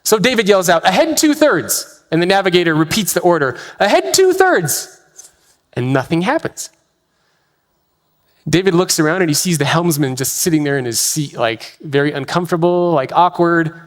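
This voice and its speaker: A man giving a keynote talk on leadership, telling a story in an animated way and acting out the dialogue. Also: a little high, fast, hardly any pauses. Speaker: leadership speaker. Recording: reverberant hall.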